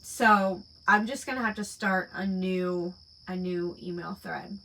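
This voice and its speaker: A woman chatting casually on a late-night stream, her voice bright and clear. She takes her time, drifting through her thoughts with plenty of "like" and "um" along the way. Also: lowish voice, steady tone, a little slow, a little hiss or hum, low-quality recording. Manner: rambling, full of "like" and "um". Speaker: online shop owner hosting a live chat stream.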